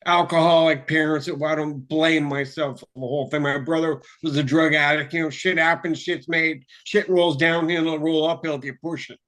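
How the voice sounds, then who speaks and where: Guest spot: fast-rambling, swearing man with a slightly high voice, breaks into lecture mode. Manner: profane, excitable, rambling; explains chemistry in quick lecture bursts. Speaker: guest, water filter developer. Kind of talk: casual interview talk.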